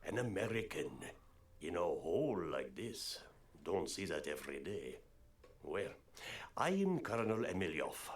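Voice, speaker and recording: An actor playing a gloomy, cryptic colonel who runs a remote outpost in a video game, speaking slowly and sometimes dropping to a whisper. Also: male voice, low voice, big pitch swings. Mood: wry. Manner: slow, brooding, cryptic, drops to a whisper. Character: gloomy cryptic small-town male colonel.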